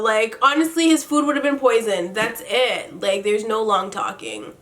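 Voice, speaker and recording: A woman's voice: on the high side, a little slow, few pauses, fairly bright tone. A young woman hosting her own vlog, recapping a reality show in a blunt, slangy, exasperated way and laughing often. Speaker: beauty and reality-TV commentary host. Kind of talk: casual recap commentary.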